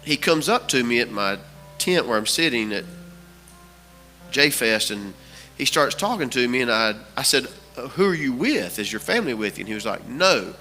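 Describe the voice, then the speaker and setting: A man's voice: mid-range voice, sing-song, normal speed, sharp tone, big-room sound, soft background music. A man preaching a sermon as pastor, telling a story with repeated phrases for emphasis. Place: church sanctuary.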